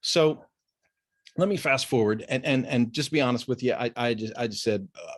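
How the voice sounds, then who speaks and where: A man's voice: mid-range voice, moderate pace. A man hosting a business talk, recorded over a video call, chatting casually and telling a story with lots of restarts. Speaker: business podcast host.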